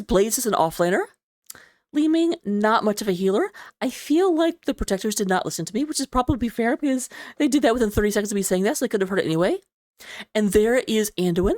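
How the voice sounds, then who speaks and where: A woman casting an esports match in a chatty, giggly, rambling way, lounging low in her chair. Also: a little mellow, no room sound, clean studio sound. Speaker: esports caster. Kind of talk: casual esports commentary.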